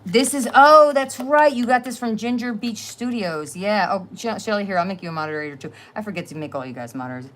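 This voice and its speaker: A woman's voice: mid-range voice, animated, a little fast, few pauses, fairly bright tone. A middle-aged woman with a New Jersey accent, hosting a casual crafting livestream in a chatty, rambling way, laughing often. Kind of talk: casual live-stream chat.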